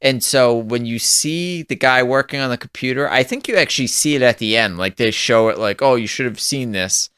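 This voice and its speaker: Man, podcast co-host, smooth clear voice, dry sound, opinionated, long run-on explanations. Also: mid-range voice, brisk, hardly any pauses, fairly bright tone, dry recording. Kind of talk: casual chat.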